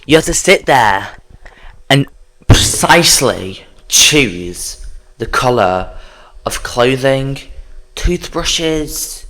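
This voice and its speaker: A man's voice: medium pitch, fairly bright tone. A man hosting a casual solo podcast, rambling and sighing as he talks straight to the listener. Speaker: podcast host.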